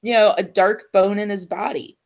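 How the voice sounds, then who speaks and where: A woman's voice: mid-range voice, fairly even intonation. Chatty woman host, lots of ums. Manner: chatty, full of ums and trailing pauses. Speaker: show host. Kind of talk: casual chat.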